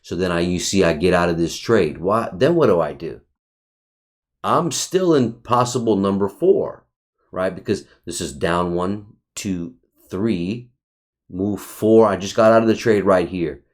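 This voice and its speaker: A man's voice: sits low, measured pace. A man casually walking viewers through his trading chart, swearing often, calling them buddy, and restarting his sentences. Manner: profane, excitable, talks to viewer as buddy; repeats himself and restarts often. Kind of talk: casual screen-share chart review.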